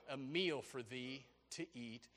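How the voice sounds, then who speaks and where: A man voicing the Lord as a calm, kindly host offering a meal. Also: takes it slowly. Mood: soothing. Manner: low, soft and soothing.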